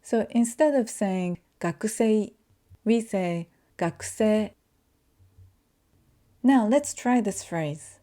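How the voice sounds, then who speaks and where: Mellow-voiced woman teaching pronunciation. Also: medium pitch, animated. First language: Japanese. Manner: slow, careful demonstration of sounds. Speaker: language teacher. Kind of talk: pronunciation lesson.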